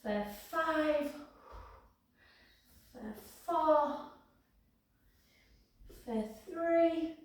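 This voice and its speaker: A woman's voice: high-pitched, drawn-out words, pauses often. A woman teaching a pilates class, counting down reps and chatting with stories between exercises. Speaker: pilates instructor. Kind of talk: live class instruction with counting. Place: her home exercise studio. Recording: very echoey room, mic far off.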